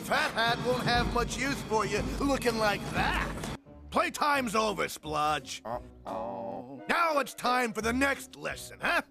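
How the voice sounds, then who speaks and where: A man voicing a gruff, scheming male diesel engine villain with a New Jersey accent and a mocking, snarling delivery. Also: very high voice, sing-song, slow, heavily acted. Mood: taunting. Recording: film soundtrack with loud music.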